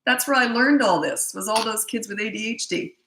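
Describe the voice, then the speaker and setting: A middle-aged woman answering viewer questions as a parenting coach keeps her casual live Q&A blunt, emphatic and repetitive. Her voice is on the high side and brisk, recorded in an echoey room with background noise.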